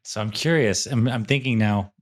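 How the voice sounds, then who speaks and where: A man hosting a podcast interview over a video call, who listens calmly and asks affirming questions. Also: fairly low pitch, moderate pace. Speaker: podcast host.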